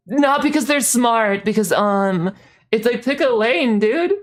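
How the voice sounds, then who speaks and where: A woman's voice: fairly high pitch, animated, measured pace. A young woman in her twenties, a streamer ranting casually, heated and swearing with lots of fillers and restarts. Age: 20s. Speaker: VTuber streamer.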